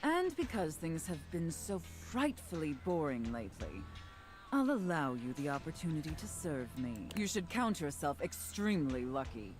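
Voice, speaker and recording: A woman voicing a haughty, domineering female safe who talks down with slow contempt in a video game. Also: low voice, very animated, a little mellow, faint music behind. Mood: imperious. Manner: imperious, contemptuous, slow deliberate.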